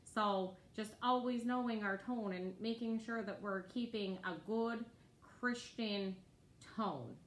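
A woman's voice: medium pitch, takes it slowly, a little hiss or hum. Chatty woman teaching in an echoey room. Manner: chatty and conversational, often checking in with "right?". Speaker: ministry teacher. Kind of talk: casual sermon teaching. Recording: echoey room with faint ambience.

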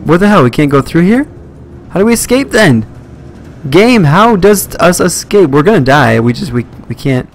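A man's voice: fairly high pitch, big pitch swings, moderate pace, slight background noise. A young man commentating a live horror game stream, jumpy and swearing at scares. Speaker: let's play streamer.

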